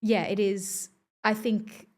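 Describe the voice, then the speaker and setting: A woman's voice: mid-range voice, level tone, slow pace. Chatty, self-deprecating woman. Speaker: guest, musical theatre performer. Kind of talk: casual podcast chat.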